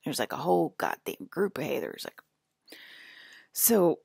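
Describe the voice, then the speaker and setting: A woman's voice: deep voice, wildly swooping pitch, measured pace, vocal fry, darkish tone, slightly rough, dry recording, studio quality. A woman talking in a casual, rambling monologue, full of "like" fillers and drifting from topic to topic. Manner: offhand, drifts between topics.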